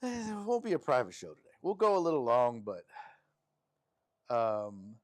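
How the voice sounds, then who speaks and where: Animated male streamer reading viewer messages. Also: normal speed. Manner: animated and affectionate, with frequent laughs and pitch jumps. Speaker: sports streamer and host.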